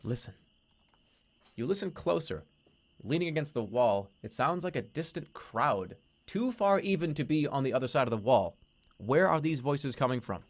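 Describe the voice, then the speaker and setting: A man's voice: medium pitch, lively intonation, moderate pace. A man streaming a text adventure, reading its narration aloud and breaking off into playful, swearing commentary. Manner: playful, swears casually, laughs at himself.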